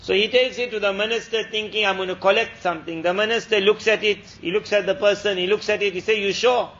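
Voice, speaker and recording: A male Islamic lecturer with a high voice tells a moral tale and draws lessons from it. He speaks earnestly and repeats key phrases for emphasis. The sound is muffled and lo-fi, like an old lecture tape. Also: flat delivery, quick pace, fairly bright tone. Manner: earnest, repetitive, preachy. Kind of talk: storytelling sermon. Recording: dull lo-fi lecture recording.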